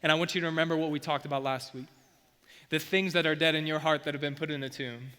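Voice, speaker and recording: Bright-voiced casual young preacher man. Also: on the high side, steady tone, fast, smooth, big-room sound. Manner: casual, slangy preaching with reading aloud. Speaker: youth pastor. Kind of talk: sermon.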